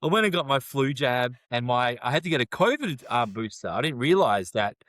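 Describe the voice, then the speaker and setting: A man co-hosting a podcast, telling work stories in a casual, animated way and laughing often. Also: mid-range voice, fairly quick, no room sound. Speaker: podcast co-host. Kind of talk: casual chat.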